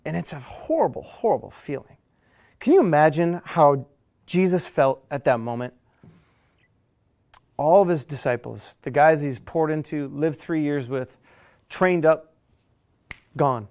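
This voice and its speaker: Dynamic preaching man, slightly high. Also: expressive, unhurried, pauses often. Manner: conversational preacher, dynamic swings from hushed to loud. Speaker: pastor. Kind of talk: sermon.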